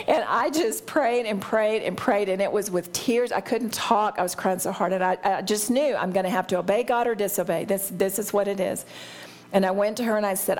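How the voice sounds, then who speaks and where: A woman's voice: medium pitch, a little fast. An older woman teaching a Bible study, talking in an earnest, heartfelt way and often restarting her sentences.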